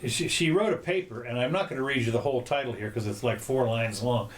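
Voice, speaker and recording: A man hosting a podcast, chatting casually in a rambling, halting way with many restarts. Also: medium pitch. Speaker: podcast host. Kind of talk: casual chat.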